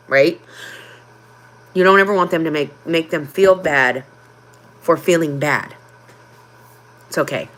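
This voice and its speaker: A woman with a low voice hosts a casual livestream and talks openly from the heart. She chats with her viewers and stops often for an um or a pause. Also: a bit bright. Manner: heartfelt, open, with frequent ums. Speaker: livestream host.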